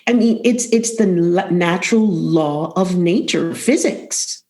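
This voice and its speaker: A middle-aged woman, a vocal coach, talking as a podcast guest in an expressive, rhythmic way, repeating phrases for emphasis. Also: on the low side, slow. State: emotional, close to tears.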